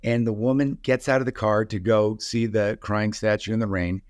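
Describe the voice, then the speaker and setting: A man's voice: fairly low pitch, steady tone, moderate pace, a little mellow, dry recording. Rambling guy in his 40s telling a story, lots of "like", dry sound. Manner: rambling, with many "like" fillers and restarts. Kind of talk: casual storytelling.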